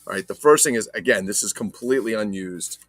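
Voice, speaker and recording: A man's voice: on the low side, fast talker, fairly bright tone, no room sound. A man hosting a casual toy unboxing vlog, joking and talking to viewers while handling items, with mock-dramatic asides. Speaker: toy collector host.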